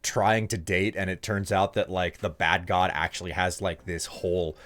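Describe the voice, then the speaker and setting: A man's voice: low voice, flat delivery, normal speed, fairly bright tone. A young man streaming a game, chatting casually and joking with lots of fillers. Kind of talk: casual live-stream chat.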